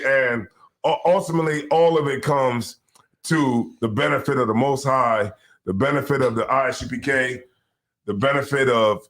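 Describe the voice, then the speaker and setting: Hype-talking man hosting a live podcast. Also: mid-range voice. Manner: hype roll-call, repetitive fillers. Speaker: host. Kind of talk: casual live podcast chat.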